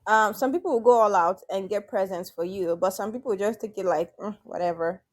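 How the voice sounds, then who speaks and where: A woman appearing as a guest on a casual show, talking reflectively and sometimes drawing out her words. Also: medium pitch. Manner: reflective, often stretches words out slowly. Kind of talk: casual chat, sharing opinions.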